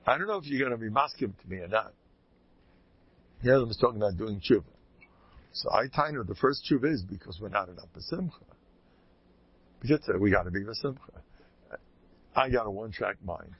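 Husky animated rabbi, lo-fi. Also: male voice, moderate pace, long pauses, dry recording. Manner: animated, jumps into high pitch for emphasis, folksy asides. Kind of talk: informal Torah talk to a live audience. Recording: dull lo-fi recording.

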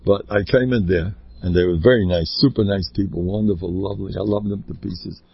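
Husky male speaker, informal Torah talk, jokey, pitch jumping all over; dull, dry lo-fi recording. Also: a little fast, no room sound. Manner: animated, joking, big pitch swings; sprinkles Yiddish and Hebrew words. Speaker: religious speaker.

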